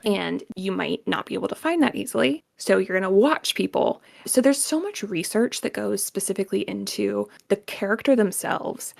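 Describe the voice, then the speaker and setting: A woman's voice: medium pitch, animated, moderate pace, vocal fry, hardly any pauses. A woman voice actor chatting casually as a guest in an interview, laughing often and filling her talk with "like".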